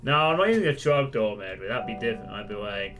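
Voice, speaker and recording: A man's voice: lowish voice, lively intonation, quick pace, fairly bright tone, faint music behind. A man hosting a casual let's play, cracking jokes, swearing and laughing at himself as he plays. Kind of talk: casual gameplay commentary.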